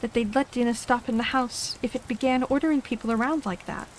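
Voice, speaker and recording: A woman puts on a chatty little girl in a whispered role-play, her voice lifting high and eager with a wistful edge. The reading stays hushed and gentle, with a faint hiss of rain underneath. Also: steady tone, brisk, natural voice, low-quality recording. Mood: bright.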